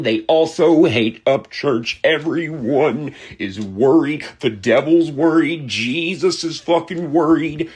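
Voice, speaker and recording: A man's voice: fairly high pitch, husky, voice pushed up. A man mocking a smug whiny hater. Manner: mocking, drawn-out, self-important. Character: smug whiny male hater speaking for everyone.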